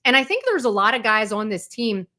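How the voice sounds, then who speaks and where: A college football reporter appears as a guest on a sports talk show, her fairly high voice very animated and brisk, with a sharp tone. She explains things in fluent detail and retells anecdotes energetically.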